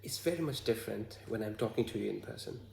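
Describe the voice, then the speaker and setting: Man, Bhutanese accent, halting vlog talk, gravelly voice, echoey room. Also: lowish voice, expressive, mellow. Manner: hesitant, halting, with many fillers. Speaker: vlogger. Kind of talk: casual talk to camera.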